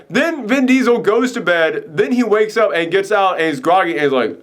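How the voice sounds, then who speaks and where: A man's voice: high-pitched, animated, normal speed, hardly any pauses, fairly bright tone. A man hosting a casual film reaction chat, ranting and rambling with lots of fillers, acting out quoted lines in mock voices. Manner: rambling with many fillers and restarts. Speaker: podcast host reviewing a film.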